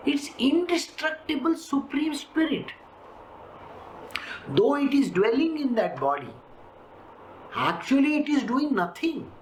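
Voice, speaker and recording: A spiritual teacher giving an emphatic scripture lecture, full of rhetorical questions and lively storytelling. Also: high-pitched, a little slow, pauses often. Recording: roomy echo, faint background hiss.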